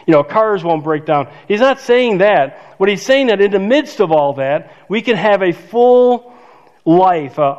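A man's voice: sits high, darkish tone. An older man preaching a sermon as pastor, conversational and self-joking, laughing at his own remarks. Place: church sanctuary. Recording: dull reverberant church hall.

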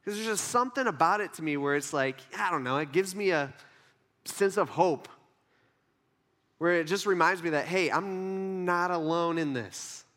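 A man's voice: fairly high pitch, animated, normal speed, long pauses, fairly bright tone. A man preaching a sermon in a casual, conversational way, acting out the people in his story. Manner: conversational, playful, acts out dialogue in voices.

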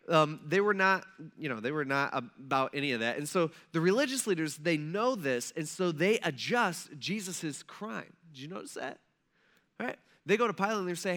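A man preaching a sermon in a conversational, animated way, acting out the people he tells about. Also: on the high side, normal speed. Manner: conversational, animated, acts out quotes. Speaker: pastor.

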